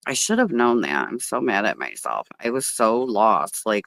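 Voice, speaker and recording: A woman runs a casual livestream from an outdoor table, chatting in a sing-song voice that's gravelly yet fairly bright, at a moderate pace with big pitch swings. Blunt and quick to swear, she's captured in dry sound with little echo.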